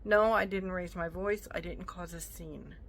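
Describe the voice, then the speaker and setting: A woman vlogger telling a casual storytime rant, indignant and animated, acting out both sides of an argument and drifting off on side comments. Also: on the low side, unhurried. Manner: indignant, animated retelling with acted-out quotes; rambling, stops mid-story to chat.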